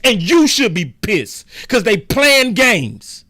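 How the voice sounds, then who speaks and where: A man's voice: high-pitched, very animated, unhurried, few pauses, pushed and bright. A man ranting heatedly as a sports commentator, repeating himself for emphasis in a fan vlog. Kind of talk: fan rant about a football game.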